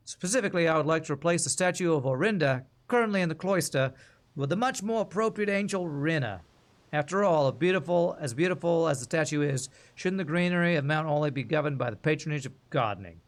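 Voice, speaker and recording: A reciting voice in a wobbly put-on British accent that wanders between Cockney and Australian, as a man reads the notes aloud. The delivery is theatrical and lilting, and it sits a little high for a man. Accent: put-on British, drifting between Cockney and Australian. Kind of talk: reading in-game text aloud in a put-on accent.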